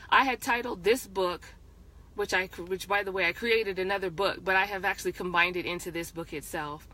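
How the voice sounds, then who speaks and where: A woman's voice: mid-range voice, brisk, bright, forceful tone. Woman reading her own story, with restarts. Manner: hesitant, frequent restarts while reading. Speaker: author reading her book.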